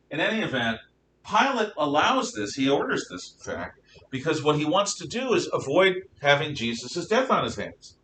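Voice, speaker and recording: A man's voice: mid-range voice, fairly bright tone, distant mic, slight background noise. A man teaching a Bible class, telling stories in an emphatic, conversational way with rhetorical questions.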